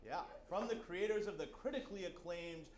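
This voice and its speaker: A man doing a stand-up bit as a confidently wrong film critic, deadpan, on a stage before a live audience. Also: high voice, a little fast. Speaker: comedian playing a film critic. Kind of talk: live sketch comedy. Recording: roomy stage sound with crowd.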